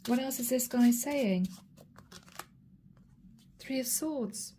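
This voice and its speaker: A middle-aged woman reads tarot cards aloud and talks straight to the viewer, chatty and direct. Her voice sits a little high but sounds mellow and warm. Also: slow pace, a little hiss or hum. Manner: chatty, addresses viewer directly, names cards as she draws. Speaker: tarot reader. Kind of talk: channeled tarot reading.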